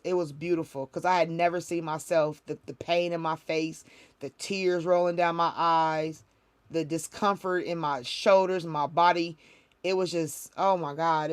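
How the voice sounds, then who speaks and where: Woman sharing a heartfelt spiritual testimony. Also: deep voice. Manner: emotional, repetitive, heartfelt storytelling with many restarts. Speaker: spiritual reader, livestream host. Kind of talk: casual livestream testimony.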